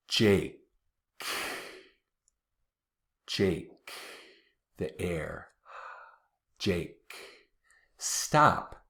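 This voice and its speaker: A man teaching English pronunciation, patiently repeating words slowly and clearly. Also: low voice, sharp tone. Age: adult, watched TV as a kid in the 80s-90s. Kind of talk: slow, deliberate pronunciation lesson.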